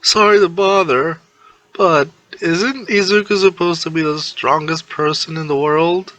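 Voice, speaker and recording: A man's voice: on the high side, unhurried, fairly bright tone, pitched above the performer's own voice. A man voicing a timid teenage boy who asks things hesitantly and apologetically. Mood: nervous. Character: timid, nervous teen boy.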